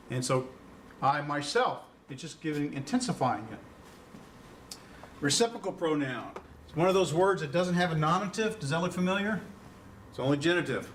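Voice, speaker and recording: A man's voice: fairly high pitch, a bit bright. A man teaching a Greek class in a casual lecture style, with many fillers and questions to his students. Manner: informal, filler-heavy explaining with questions to students. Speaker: Greek instructor. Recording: distant mic, faint noise.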